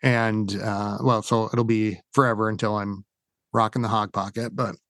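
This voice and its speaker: A man's voice: fairly low pitch, level tone, moderate pace, a bit bright, dry recording, studio quality. A man co-hosting a casual gaming podcast, loose and rambling with lots of fillers. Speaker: podcast co-host.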